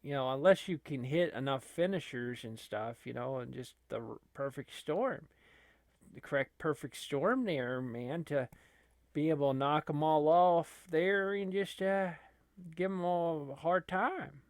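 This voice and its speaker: A channel host casually commentates a wrestling video game, rambling through heaps of fillers, frequent restarts, and laughter between remarks. His voice sits a little high, his pace is measured, and there's no echo.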